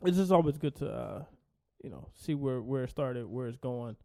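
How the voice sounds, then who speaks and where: A man's voice: medium pitch, lively intonation, moderate pace, gravelly, mellow. Laid-back podcast co-host, man. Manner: laid-back, laughs easily. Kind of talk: casual chat.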